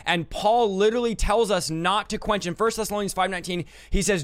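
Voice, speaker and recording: High-voiced man hosting, emphatic. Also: fast talker, hardly any pauses, no echo, studio quality. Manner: eager affirmations, emphatic preaching tone. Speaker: podcast host. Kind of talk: podcast discussion, teaching scripture.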